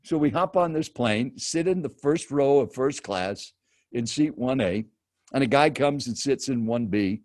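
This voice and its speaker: A medium-pitched male voice, a touch slow, tells a personal anecdote to a host. The speaker is a professional who brings the story to life and keeps turning to his listener with direct questions, recorded in a clean studio with no echo.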